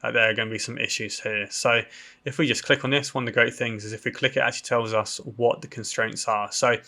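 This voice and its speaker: A man's voice: medium pitch, pushed and bright. A man from the UK hosting a property education channel, casually walking viewers through a land listing on screen. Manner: casual, explanatory, with fillers. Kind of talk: screen-share walkthrough.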